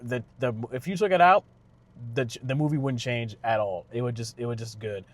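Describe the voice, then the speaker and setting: A man giving a casual spoken movie review, loose and conversational with lots of fillers and restarts. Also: medium pitch. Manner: slangy retelling with quick impressions of characters. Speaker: car channel vlogger reviewing a film.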